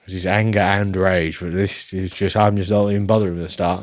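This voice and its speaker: A man's voice: low voice, little pitch movement, a little fast, few pauses, dry recording. A man hosting his own show, rambling through a casual, self-mocking monologue and laughing often. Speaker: podcast host.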